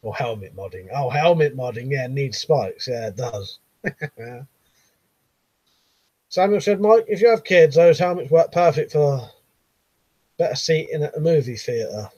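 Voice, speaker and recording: A man's voice: mid-range voice, expressive, a little slow, pauses often, darkish tone, slightly rough, dry recording, highs cut off. A man with a Southern English accent hosting a casual live stream, reading viewers' comments aloud with frequent laughs and casual swearing. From Buckinghamshire, England.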